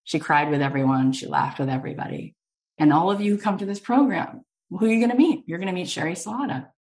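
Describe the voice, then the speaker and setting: A woman host and coach telling an inspirational story in an animated way, acting out the quotes. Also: low-pitched, fast.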